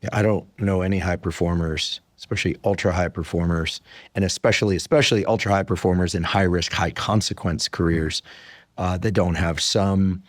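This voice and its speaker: A male podcast host with a very deep, husky voice, recorded dry on a close studio mic. He speaks slowly and deliberately. His remarks come across as thoughtful and reflective. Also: steady tone, dry recording. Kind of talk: interview conversation.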